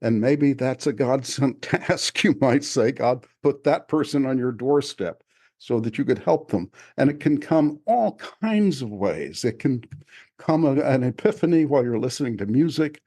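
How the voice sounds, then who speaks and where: A man, an author, talking in a relaxed podcast conversation, reflective and often chuckling as he restarts his sentences. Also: mid-range voice, normal speed, husky. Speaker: author discussing his spiritual experiences. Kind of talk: casual conversational podcast talk.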